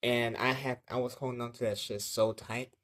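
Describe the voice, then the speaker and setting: A man's voice: medium pitch, little pitch movement, moderate pace, a bit bright. Young guy rambling through a story, slangy and sweary, lots of fillers. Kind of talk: casual storytelling vlog.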